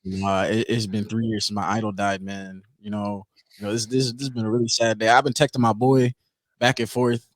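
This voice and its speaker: A man on a podcast in casual chat, telling stories excitedly, repeating himself, swearing freely. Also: lowish voice, brisk, dry recording. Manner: repetitive, excited, profane. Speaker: podcast co-host.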